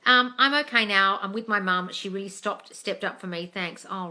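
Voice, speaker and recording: A woman's voice: mid-range voice, normal speed, few pauses, pushed and bright. A woman coach reading viewer questions aloud on a casual live stream, blunt and full of swearing, calling everyone darling.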